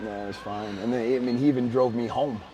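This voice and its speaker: A man co-hosting a casual podcast, telling stories with bursts of excited shouting. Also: medium pitch, fast, noisy background. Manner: animated storyteller, bursts of excited shouting when retelling. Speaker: podcast co-host. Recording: slightly distant mic with faint background ambience.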